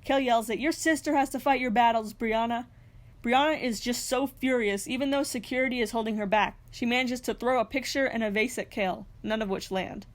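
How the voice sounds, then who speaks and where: A woman's voice: on the high side, a little fast. A young woman narrating a reality TV recap in a scripted way, with sarcastic, snarky asides. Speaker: recap host.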